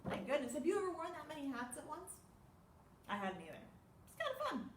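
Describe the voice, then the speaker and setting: Animated woman reading storytime to children. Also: high voice, a little fast, a little hiss or hum. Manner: animated, with gasps and questions to kids. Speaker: children's librarian. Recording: echoey room, far from mic.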